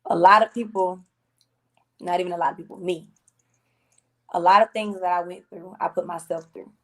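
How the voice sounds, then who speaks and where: A woman's voice: lowish voice, steady tone, moderate pace, fairly bright tone. A woman musician as a podcast guest, talking casually and earnestly, repeating phrases and using slang. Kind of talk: casual interview talk.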